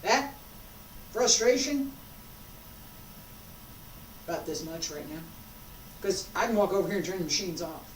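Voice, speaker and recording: A woman teaching a qigong class, guiding breath and movement with slow, coaxing, drawn-out phrases and long pauses. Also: fairly low pitch, expressive, a little hiss or hum. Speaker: qigong instructor. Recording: roomy sound from a distant mic.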